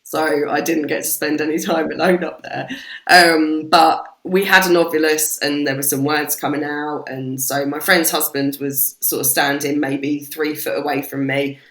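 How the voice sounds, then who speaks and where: A British woman, a podcast guest, telling stories in a casual, animated way and swearing freely. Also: sits low, normal speed. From Britain. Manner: animated, swears freely, acts out quoted voices. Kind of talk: casual storytelling chat. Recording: roomy echo.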